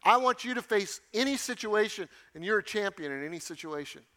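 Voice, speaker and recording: A man preaching from the pulpit, his voice sitting high for a man and ringing bright. He leans hard on key phrases and repeats them for emphasis, in the measured, emphatic way of a seasoned pastor. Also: animated. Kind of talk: sermon.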